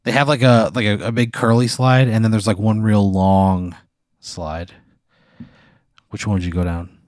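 Low-voiced man spinning a rambling hypothetical. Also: fast, no room sound, studio quality. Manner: rambling, lots of "like", swears casually. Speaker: podcast host. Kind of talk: casual storytelling chat.

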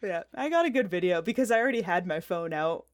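A woman from New Hampshire with a lowish voice tells stories as a podcast guest. She is chatty and casual and keeps filling her sentences with "like" and "um.". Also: expressive, fast, no room sound, studio quality. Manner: chatty, leans on fillers like "like" and "um". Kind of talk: casual storytelling.

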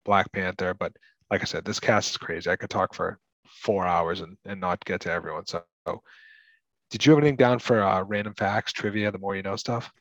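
A man from the United States with a lowish voice talks through a movie in a loose, rambling way, stopping to clear his throat and correct himself. The sound is dry and a little muffled, like a modest home setup. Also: steady tone, a little fast, a bit bright, no echo. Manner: chatty, self-interrupting, clears throat. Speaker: podcast co-host. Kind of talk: casual film discussion.

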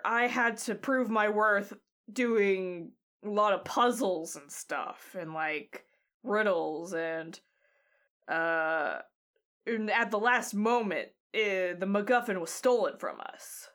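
Halting woman running a tabletop game. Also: medium pitch. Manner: halting, restarts often, admits a flat tone. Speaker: game master.

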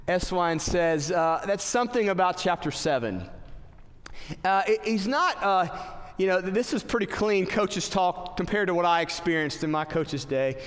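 A man preaching a sermon in an earnest, halting way with many fillers, in a church hall. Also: sits high, animated, fairly bright tone. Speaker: pastor. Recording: long hall reverb.

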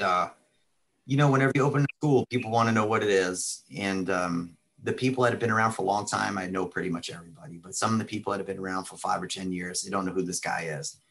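Here a fairly low, slightly bright male voice belongs to a middle-aged martial arts school owner. Relaxed and talkative, he swaps stories as a guest in a podcast interview.

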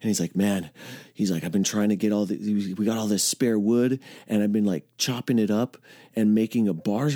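A man's voice: no room sound, clean studio sound. A man telling a rambling, profane personal story in casual speech, swearing often and correcting himself mid-sentence. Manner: acts out quoted voices, jumping loud and high for his own retorts.

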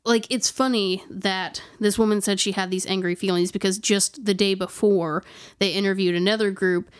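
In a clean, mid-range voice with fairly even intonation and a moderate pace, a woman tells a friend a ghostly story. The chat is loose and meandering, her sentences trailing off and starting over, with "like" dropped in constantly.

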